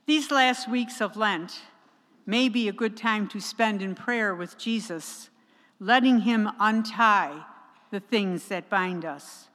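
A woman preaching a sermon in a church, slow and emphatic, with measured pauses. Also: medium pitch, fairly bright tone. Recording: long church reverb.

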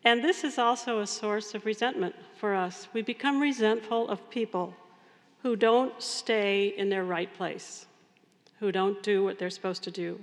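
A woman's voice: medium pitch, fairly even intonation, a little slow. Woman priest preaching casually with stories, medium voice, echoing church. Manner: conversational, storytelling preaching. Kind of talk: sermon. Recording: long reverb of a large hall.

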